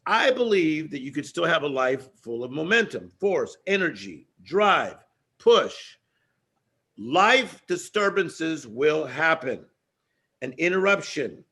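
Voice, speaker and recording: Motivational speaker, male: bright, forceful, fairly high voice, punchy rhythmic repetition. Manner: emphatic, rhythmic, repeats phrases for effect. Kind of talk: motivational stage speech.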